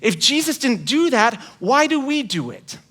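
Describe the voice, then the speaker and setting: Bright, high-voiced male preacher. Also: sing-song, normal speed. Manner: conversational, playful, acts out quoted voices. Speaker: guest preacher. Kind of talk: sermon.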